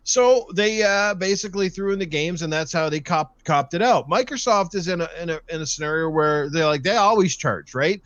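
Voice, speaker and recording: High-voiced man ranting angrily. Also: expressive, a little fast, hardly any pauses, fairly bright tone, dry recording, dull audio. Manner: profane, heated ranting. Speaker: podcast panelist. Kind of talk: casual podcast rant.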